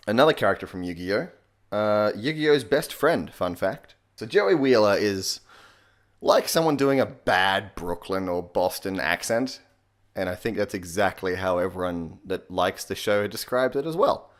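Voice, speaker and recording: Deadpan sarcastic Australian guy. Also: fairly low pitch, a little slow. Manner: deadpan, sarcastic, swears casually. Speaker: comedy YouTuber. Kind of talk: joking voice tutorial.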